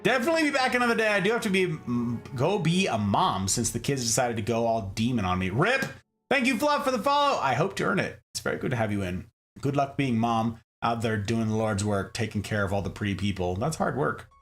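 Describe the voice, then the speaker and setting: A man's voice: medium pitch, sing-song, brisk, a bit bright, soft background music. An American man in his thirties streaming casually, chatting with viewers in a playful, joking way. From United States. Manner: playful, jokey, drops into mock German asides. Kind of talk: casual live-stream chat reading out chat.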